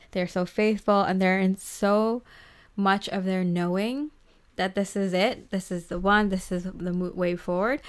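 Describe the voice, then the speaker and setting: Chatty giggly woman doing a tarot reading, smooth clear voice, says like a lot. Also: mid-range voice. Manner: chatty and giggly, heavy use of "like". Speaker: tarot reader. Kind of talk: casual pick-a-card tarot reading.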